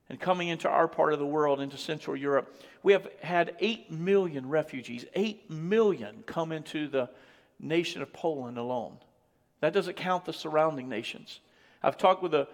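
A man preaches a sermon from a church platform in a high, ringing voice. He is emphatic, repeating his phrases and building to high exclamations. His voice trails off into the long reverb of a large sanctuary. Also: fairly bright tone. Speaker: missionary preacher.

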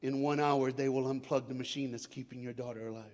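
A man preaching a sermon as a dramatic storyteller, swinging from loud to hushed and calling on the crowd to answer back. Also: mid-range voice, fairly even intonation, quick pace. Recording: long hall reverb.

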